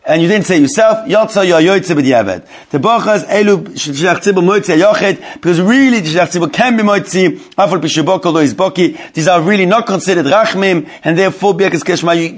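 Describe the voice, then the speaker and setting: A man with a bright, high voice leads a Torah study class. He reads a legal text aloud phrase by phrase and translates each line. He keeps the group engaged with questions and quick praise.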